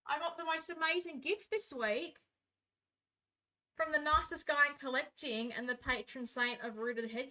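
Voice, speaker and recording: A woman's voice: sits high, sharp tone. An Australian woman hosting a casual live stream late at night, tired, reading viewer comments aloud and answering them in a chatty, thankful way.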